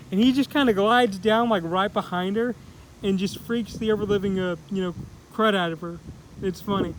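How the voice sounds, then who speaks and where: High voiced guy doing a loose rambly comic review, lots of "like" and "kinda", faint noise behind. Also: low-quality recording. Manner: rambling, filler-heavy, paraphrases characters loosely. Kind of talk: casual spoken review.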